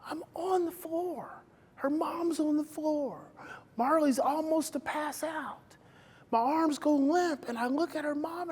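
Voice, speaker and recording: A man speaking at a live seminar, telling a story dramatically, with his voice swinging from loud outbursts to hushed whispers. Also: very high voice, takes it slowly. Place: seminar hall. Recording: long reverb of a large hall.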